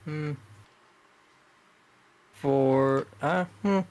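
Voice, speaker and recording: A man playing a tabletop game, hesitant and slow to make up his mind. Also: a little high, very noisy. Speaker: player.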